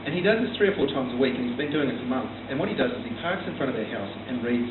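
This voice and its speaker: A man's voice: mid-range voice, lively intonation, rapid-fire, echoey room. A man from South Australia with an Australian accent doing his first stand-up set, full of ums and restarts, telling dry stories. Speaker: first-time stand-up comedian. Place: small comedy bar stage. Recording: tinny distant room recording with hum.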